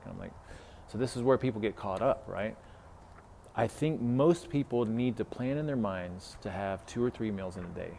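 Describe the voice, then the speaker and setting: A man's voice: fairly low pitch, quick pace, gravelly, dark tone, a little hiss or hum. A man talking casually as a health coach, retelling a client conversation with lots of fillers and asides. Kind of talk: casual podcast talk.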